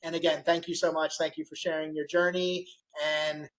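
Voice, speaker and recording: Guy hosting a podcast, lively storyteller, does all the voices in his anecdotes. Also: a little high, fairly quick, low-quality recording. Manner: animated storyteller, acts out quotes. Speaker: podcast host. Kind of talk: casual interview chat.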